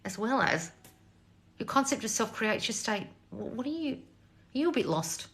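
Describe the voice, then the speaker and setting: Blunt, sweary woman coach, bright voice. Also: mid-range voice, sing-song, normal speed. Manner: blunt, sarcastic, swears freely. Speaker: manifestation coach. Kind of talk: live stream answering chat.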